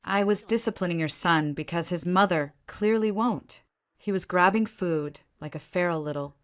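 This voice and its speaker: Woman narrator doing a contemptuous, sneering relative in a drama story; lower voice. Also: normal speed, close to an everyday voice. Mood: outraged. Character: spiteful sneering woman, family bully.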